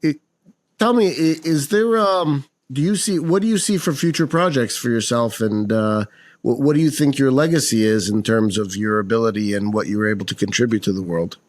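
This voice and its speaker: A man hosting a podcast, giving short acknowledgements and asking halting questions of his guest. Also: mid-range voice. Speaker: podcast host. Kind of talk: interviewing a guest.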